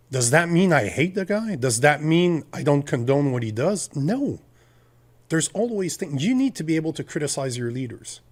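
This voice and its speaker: A middle-aged man with a French Canadian accent, a native French speaker, arguing politics in a heated, emphatic way. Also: fairly high pitch. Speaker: podcast guest. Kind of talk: political talk.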